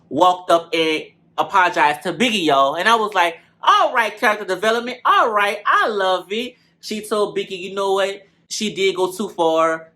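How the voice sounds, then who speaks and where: A man with a bright, fairly high voice runs through a reality show episode for his viewers. He talks in an animated, gossipy way, swearing freely and calling everyone y'all. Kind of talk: casual recap commentary.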